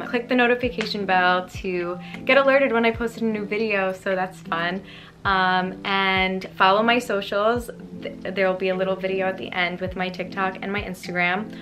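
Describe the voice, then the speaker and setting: A young woman vlogging about books in a casual, rambling way, full of fillers and quick emotion. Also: medium pitch, sharp tone. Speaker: book YouTuber. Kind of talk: casual chatty vlog.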